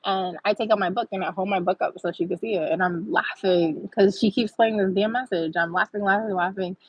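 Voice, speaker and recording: A woman and mother hosting her own channel, telling a chatty, animated storytime with laughs. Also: medium pitch, fairly quick, husky, dry recording, muffled recording. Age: adult with a child. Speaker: vlog host. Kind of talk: casual storytime.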